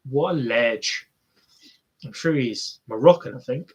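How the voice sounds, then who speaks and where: Cheering marathon runners on for his viewers, a male streamer talks slowly in an animated, medium-pitched voice with a breathy edge. His commentary is casual, chatty and self-mocking.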